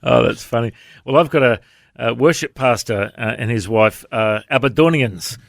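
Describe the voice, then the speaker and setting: A man's voice: medium pitch, normal speed, vocal fry, dry recording. Male radio host, friendly questioner, dry studio mic, medium voice. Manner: friendly, laughs along, asks questions. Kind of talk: radio interview.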